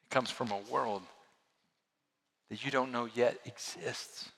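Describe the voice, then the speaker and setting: A man preaching a sermon as a pastor, swinging from loud emphasis down to hushed, quiet lows. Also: fairly even intonation, slow pace, vocal fry, big-room sound.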